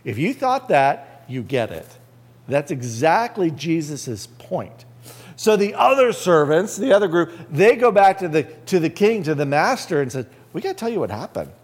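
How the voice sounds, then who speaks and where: A man's voice: fairly high pitch, big pitch swings, measured pace. Man preaching a conversational sermon. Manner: asks the listeners rhetorical questions. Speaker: pastor.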